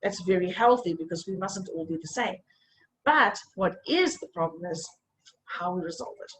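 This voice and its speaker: A woman's voice: on the low side, animated, moderate pace, a little hiss or hum, low-quality recording. Encouraging woman coaching an online session. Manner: encouraging, repeats "okay?" to check in. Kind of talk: live online coaching talk.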